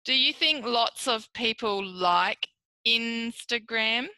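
A woman speech therapist working with a client, encouraging and praising with slow, exaggerated enunciation. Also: a little high, bright, forceful tone, no echo.

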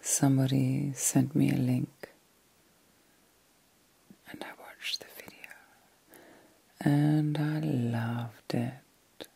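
A middle-aged woman hosting a whispered ASMR vlog from bed at night, talking in a slow, soothing and reflective way. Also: a bass voice, flat delivery, gravelly, mellow, slightly rough, no room sound. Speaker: ASMR host.

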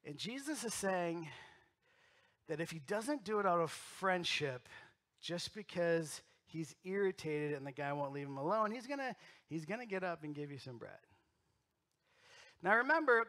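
A middle-aged man pastor delivers a storytelling sermon in a church. His voice sits high for a man and rings bright and forward. He swings from punchy, loud emphasis to soft, intimate asides. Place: church sanctuary.

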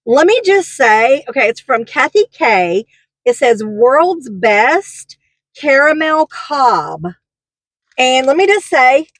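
Gushing woman, higher voice. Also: poor audio. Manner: chatty, gushing, rambling with fillers. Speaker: haul vlogger. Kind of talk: casual product haul chat.

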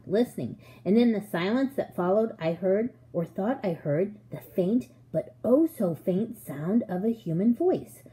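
A woman reading a children's novel aloud in an expressive, measured way. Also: on the low side, rough recording. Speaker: audiobook reader. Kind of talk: storybook narration.

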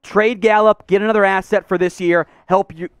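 A man's voice: sits high, steady tone, normal speed, smooth, no echo. A man hosting a sports show, talking in a chatty, joking, emphatic way. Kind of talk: casual sports commentary.

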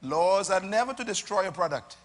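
High-voiced emphatic Bahamian preacher in a hall. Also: male voice, lively intonation, brisk. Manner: emphatic, call-and-response questions, swings between soft and loud. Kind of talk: sermon.

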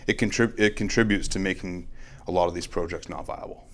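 A low-pitched man speaks in a relaxed, conversational way as a podcast guest, explaining his business as a realtor. He pads his points with "like" and checks in with "right?" as he goes. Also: fairly quick. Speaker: realtor and marketing company CEO, podcast guest. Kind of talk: casual interview talk.

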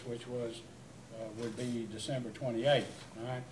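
A man acting as utility commissioner emphatically questions a witness during a public hearing, rambling and restarting often. His mid-range voice moves at a moderate pace, recorded from a distance in an echoey hearing room with a little hiss or hum.

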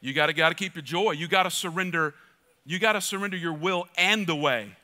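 A man's voice: a little high, brisk, sharp tone. A male pastor preaching a sermon with energy, joking asides and calls to the congregation. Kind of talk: church sermon.

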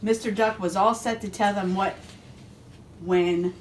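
A woman police officer reading a picture book aloud to a first grade class, expressive and adding asides to the children. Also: mid-range voice, unhurried, slight background noise.

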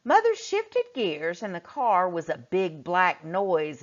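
Slow, expressive woman teacher reading aloud. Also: lowish voice. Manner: slow, expressive, pausing to question children. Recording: muffled lo-fi recording.

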